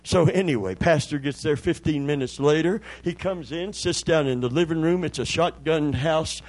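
A man's voice: mid-range voice, rough recording. A man preaching a sermon as pastor, telling folksy stories with call-and-response asides.

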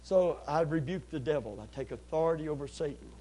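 A man's voice: a little high, a little fast, dark tone, slight background noise, low-quality recording. A man preaching a sermon, telling a personal story earnestly, repeating phrases and calling out amen.

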